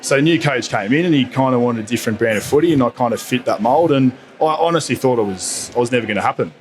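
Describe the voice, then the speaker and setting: A man in his thirties with an Australian accent, a podcast guest telling stories in a relaxed way, laughing now and then and often saying "mate". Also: mid-range voice, fast, faint music behind. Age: 30s. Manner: laid-back storyteller, says "mate" a lot, laughs mid-story. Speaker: podcast guest, rugby player. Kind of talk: casual podcast chat.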